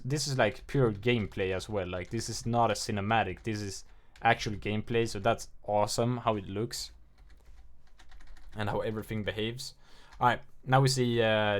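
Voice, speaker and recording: A man giving loose, offhand commentary on a game trailer, rambling with lots of filler words and self-mocking asides. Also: lowish voice. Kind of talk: casual video commentary.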